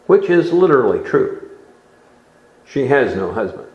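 Slow, deliberate male preacher in an echoey hall. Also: medium pitch, very animated, highs cut off. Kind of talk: sermon.

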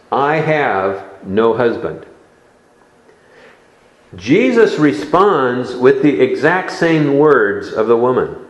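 A man preaching a sermon in a slow, deliberate expository style, recorded in a church sanctuary. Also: mid-range voice, echoey room, rough recording.

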